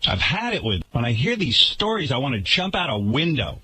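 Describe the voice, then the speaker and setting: A man's voice: very animated, a little fast, pushed and bright, slight background noise. A man hosting a radio show, ranting indignantly and sarcastically about the management of his workplace. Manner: indignant, sarcastic, swinging pitch. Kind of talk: ranting talk radio monologue. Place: radio studio.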